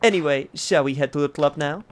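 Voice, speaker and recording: A man's voice: on the high side, fairly quick, pitched above the performer's own voice, close to an everyday voice. A man voicing a cheerful, polite young woman who works as a club hostess, reading game dialogue aloud. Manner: sweet and polite.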